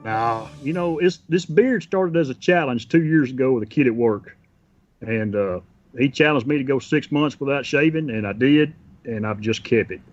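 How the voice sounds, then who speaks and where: A man's voice: mid-range voice, moderate pace, dull audio, faint music behind. A man in his fifties with an East Texas accent, chatting easily as a guest and joking about himself. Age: 50s. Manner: easygoing, self-deprecating. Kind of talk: casual chat.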